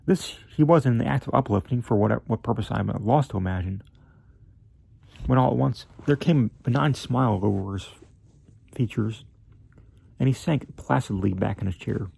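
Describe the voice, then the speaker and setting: Guy reading an old story aloud, husky and dry sounding, measured and a bit theatrical, stumbles now and then. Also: mid-range voice, mellow, no room sound. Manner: measured, slightly theatrical reading with occasional slips. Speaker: narrator. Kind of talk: amateur reading of a classic story.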